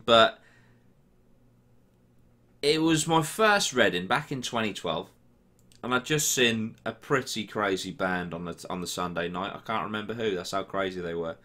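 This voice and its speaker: An English man in his twenties with a bright, edgy tone, talking casually and ranting about whatever bugs him. He swears freely and gets heated fast as he answers viewer questions. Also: medium pitch. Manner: ranty, sweary, quick to get heated. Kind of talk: casual Q&A chat.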